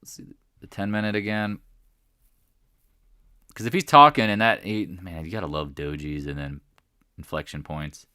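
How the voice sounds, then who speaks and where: A man's voice: low-pitched, moderate pace, pauses often, bright, forceful tone, clean tone, no room sound, studio quality. A man hosting a live market chat, talking casually and emphatically, repeating his points and rambling between thoughts. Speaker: stock market livestream host.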